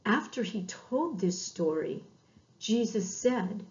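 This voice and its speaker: A woman reading a children's Bible story for Sunday school, expressive and drawn out, with bleated lamb sounds. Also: mid-range voice, takes it slowly. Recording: dull lo-fi recording.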